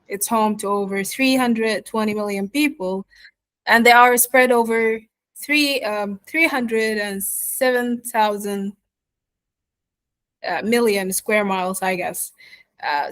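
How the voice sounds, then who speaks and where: A woman's voice: a little high, a bit bright, no echo. A woman coaching accents in an online course lecture, explaining step by step and speaking straight to her students. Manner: explanatory, addresses students directly.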